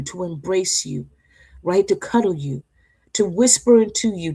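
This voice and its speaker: A woman with a slightly low voice delivers an inspirational faith talk to her listeners. She preaches in a loose, conversational way, repeating herself for emphasis and checking in with "right?" Her manner is warm-hearted encouragement rather than formal sermon. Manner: emphatic, repetitive, seeks agreement with "right?". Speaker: talk show co-host.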